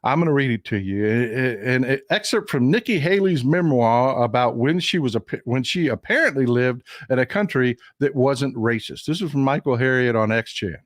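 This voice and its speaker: A man's voice: mid-range voice, animated, moderate pace, hardly any pauses, dry recording, clean studio sound. A man hosting a live stream, chatting casually with viewers, laughing often and reading their comments aloud. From United States.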